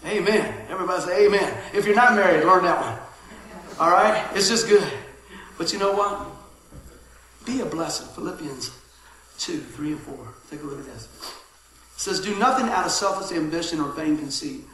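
A middle-aged man preaching a sermon, telling stories with swings from loud calls to hushed asides. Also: high-pitched, normal speed, pauses often, a little hiss or hum. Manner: lively storytelling, swings from shouting to hushed asides. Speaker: pastor. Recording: very echoey church hall.

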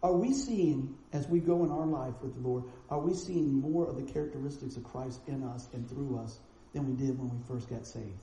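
A male preacher delivering a storytelling sermon, animated and acting out the people in his stories, in a church sanctuary. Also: mid-range voice, normal speed, few pauses. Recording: roomy echoing sound with faint noise.

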